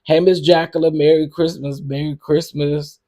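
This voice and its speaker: A man's voice: on the high side, level tone, moderate pace, warm tone. Upbeat man calling out holiday greetings. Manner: upbeat, calls out greetings by name. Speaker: host greeting listeners in a live audio chat. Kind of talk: casual live chat.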